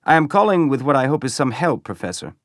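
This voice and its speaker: A man's voice: mid-range voice, lively intonation, fast talker, a bit bright, dry recording, studio quality, voice pushed up, lightly acted. A man voicing an eager, respectful police detective in an audiobook. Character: polite male police detective, former protege.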